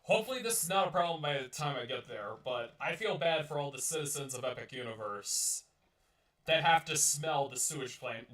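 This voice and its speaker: Male stream host, slightly high voice, loose profane rambling, recorded far off the mic. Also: lively intonation, brisk, fairly bright tone, echoey room. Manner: rambling and profane, with many restarts. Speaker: host of a live-streamed talk show. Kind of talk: casual live-stream chat.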